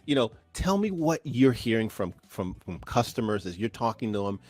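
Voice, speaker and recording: A man's voice: lowish voice, normal speed. Hype-driven male podcast host. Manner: energetic, hype introductions with laughter. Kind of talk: upbeat show hosting.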